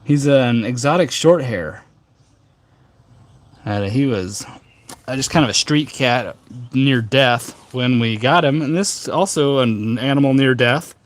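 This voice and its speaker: A man's voice: medium pitch, a little slow. A man hosting a casual tea livestream from a rooftop, talking in a rambling, chatty way full of fillers. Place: outdoor rooftop.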